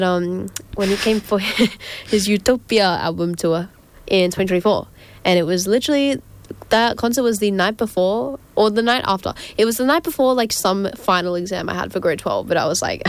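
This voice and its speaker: A young woman hosting a casual radio show, chatty and rambling, often giggling and filling gaps with ums. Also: mid-range voice. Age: young adult. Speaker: community radio host. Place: radio studio.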